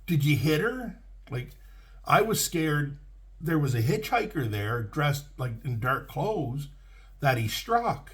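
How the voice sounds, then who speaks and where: A man's voice: fairly high pitch, big pitch swings, takes it slowly, fairly bright tone. A middle-aged man, telling a true story from his trucking days in a casual, folksy way with frequent restarts. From Canada.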